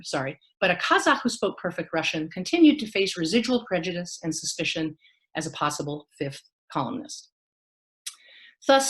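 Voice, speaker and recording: Woman, academic lecture, animated pitch, reads a prepared text, online talk. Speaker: academic speaker.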